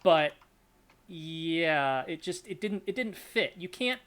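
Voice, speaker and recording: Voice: mid-range voice, lively intonation, slow pace, a bit bright. Rambling podcast co-host with a drawl. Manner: rambling, searching for words, laughs often. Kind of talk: casual chat.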